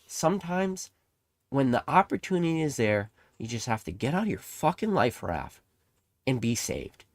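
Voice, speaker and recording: A man's voice: mid-range voice, big pitch swings, normal speed, dry recording. A young man hosting a trading card channel, talking in a rambling, emphatic way, swearing freely and acting out voices in his stories. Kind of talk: casual monologue.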